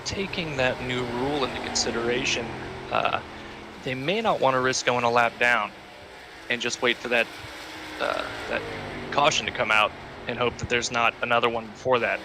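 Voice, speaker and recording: A man giving color commentary on a sim race, explaining strategy in a measured way with frequent fillers. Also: mid-range voice. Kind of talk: sim racing broadcast commentary. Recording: steady background noise.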